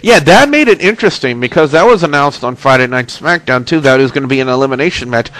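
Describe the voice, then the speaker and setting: A man hosts a casual wrestling and video game webcast, chatty and congested with a stuffy nose as he plugs links and reads the chat. His mid-range voice is animated, fast and fairly bright, captured roughly on a webcam mic.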